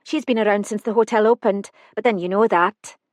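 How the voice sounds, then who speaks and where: A woman voicing a brisk, polite young female hotel receptionist with a Scottish accent touched with Irish, in an audiobook. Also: medium pitch, steady tone, dry recording, studio quality, lightly acted. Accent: Scottish with a trace of Irish.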